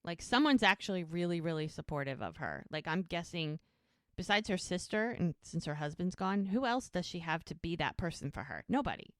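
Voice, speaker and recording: A woman's voice: lowish voice, animated, a little fast, smooth, dry recording. Woman podcaster retelling tv scenes, does little voices for the characters, clean dry mic. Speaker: podcast co-host. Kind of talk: casual recap chat.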